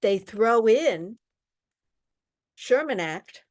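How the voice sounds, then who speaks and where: A woman's voice: fairly high pitch, lively intonation, extremely slow, a little mellow. A woman instructor leading an online exam-prep lesson, reading out test questions and explaining the answers with frequent ums. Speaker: real estate exam instructor.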